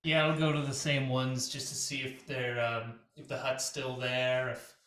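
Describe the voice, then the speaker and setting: A man's voice: medium pitch, flat delivery, moderate pace, fairly bright tone, roomy sound. A man playing a tabletop role-playing game, answering in short, upbeat replies. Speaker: player. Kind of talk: casual tabletop game talk.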